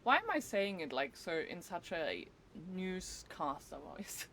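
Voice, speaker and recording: A woman's voice: on the low side, sing-song, measured pace, a bit bright, a little hiss or hum. A woman streaming a video game, chatting casually and thinking aloud as she plays. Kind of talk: casual live-stream gameplay commentary.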